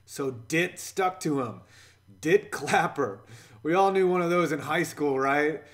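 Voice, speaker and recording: A man's voice: a little high, normal speed. A man hosting a scripted comedy countdown voice-over, delivering sarcastic jokes and innuendo. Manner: sarcastic, joking, innuendo-heavy. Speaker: YouTube channel host.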